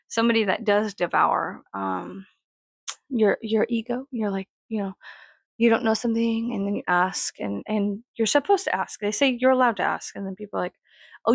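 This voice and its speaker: A woman's voice: vocal fry, no echo, clean studio sound. A young woman from Texas with a faint Texas accent, rambling casually in a vlog, swearing often and acting out other people's voices. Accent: mild Texas. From Texas, USA. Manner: rambling, swears often, acts out quoted voices with big pitch jumps. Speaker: vlogger.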